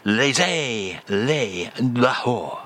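Comic French gent , a man faking the accent: low, drawn-out, grandly theatrical phrases. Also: expressive, bright, forceful tone, exaggerated voice. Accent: put-on French. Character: pompous Frenchman reciting phrases, adult male.

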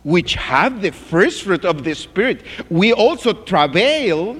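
Male pastor preaching, high and lively pitch, unhurried, long hall echo. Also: slightly rough. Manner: reads scripture slowly, drops to a hushed groan. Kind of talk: sermon.

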